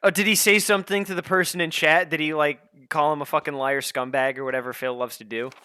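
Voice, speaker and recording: A man's voice: fairly even intonation, fast, smooth. A man streaming a game, chatting casually with his chat, swearing a lot and breaking into exasperated rants. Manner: swearing, exasperated, bursts into high shouting rants.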